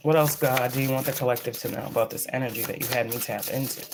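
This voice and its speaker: A woman's voice: extremely low pitch, a little fast, noisy background. A woman giving a casual psychic reading, blunt and profane, who repeats phrases for emphasis. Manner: blunt and profane, rambling, preachy. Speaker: psychic reader. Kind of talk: casual channeled spiritual reading.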